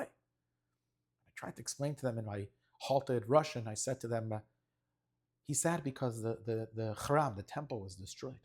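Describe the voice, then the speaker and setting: A man's voice: mid-range voice, measured pace, darkish tone. A man, a rabbi giving an earnest storytelling sermon. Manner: earnest storyteller who acts out voices of children.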